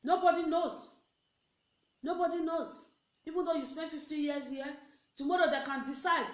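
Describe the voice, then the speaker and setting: A Nigerian woman who recruits for network marketing does a motivational live video rant in an echoey room. Her voice sits high and she speaks at normal speed with long pauses, animated and preachy, mixing pidgin with English.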